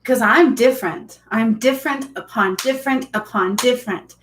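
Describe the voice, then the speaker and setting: A woman's voice: fairly high pitch, normal speed, hardly any pauses, fairly bright tone, slight background noise, rough recording. Rambling emotional woman healer. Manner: emotional, rambling, many fillers and restarts. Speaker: spiritual healer. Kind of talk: casual live-stream monologue.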